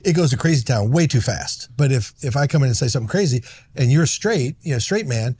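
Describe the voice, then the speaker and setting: Middle-aged man, lively storyteller who slips into loud acted-out quotes; casual podcast guest. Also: medium pitch, a little fast, husky. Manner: animated, acts out lines in loud put-on voices. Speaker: actor and comedian guest.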